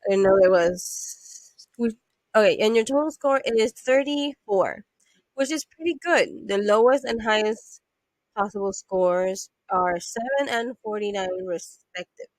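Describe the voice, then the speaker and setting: A woman's voice: medium pitch, unhurried, no echo, rough recording. A woman giving playful, chatty let's-play commentary on a game, reading text aloud and humming to herself. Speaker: gamer.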